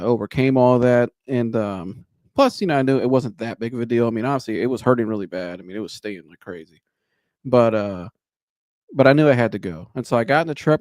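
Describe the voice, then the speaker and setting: A man's voice: mid-range voice, darkish tone, no echo, clean studio sound. A man hosting a podcast, telling a long rambling anecdote in a casual way, with restarts and laughter. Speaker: podcast host. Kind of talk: casual storytelling.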